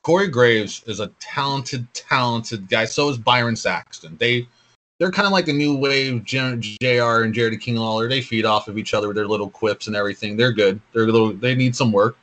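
A man's voice: mid-range voice, brisk, a bit bright. A man co-hosting a podcast in casual chat, blunt, opinionated and given to swearing. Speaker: podcast co-host.

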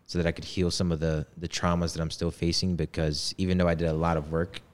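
A man's voice: low-pitched, little pitch movement, fast, clear, resonant tone. A man in his twenties telling a personal story in casual, slangy talk. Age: 20s. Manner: laid-back slangy talk. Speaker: podcast guest.

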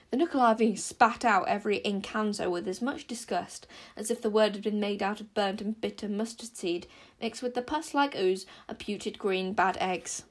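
A woman's voice: mid-range voice, normal speed. A teenage girl hosting her own podcast, chatting briefly and then reading a chapter of a children's book aloud. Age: teens. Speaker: podcast host and storyteller.

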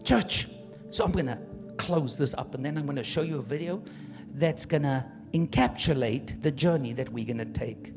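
A man preaching a sermon to his church, swinging from quiet asides to loud emphatic peaks. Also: mid-range voice, normal speed, over music. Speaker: pastor.

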